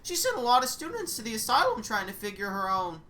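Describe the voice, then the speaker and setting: Woman doing a brisk, chipper lore guide. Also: fairly high pitch, big pitch swings, pushed and bright, voice pushed up. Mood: explaining.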